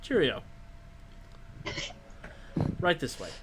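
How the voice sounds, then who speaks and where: A man voicing a tall, posh, well-dressed gentleman cyclist who speaks in a formal, courtly way, in a tabletop game. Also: a little high, wildly swooping pitch, drawn-out words, a little hiss or hum, voice pushed up, full character voice, poor audio.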